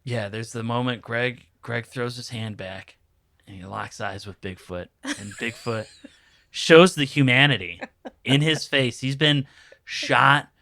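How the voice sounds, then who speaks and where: Man, comedian guest, casual comedic chat, bright tense voice, laughs while retelling. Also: medium pitch, measured pace, gravelly, no echo.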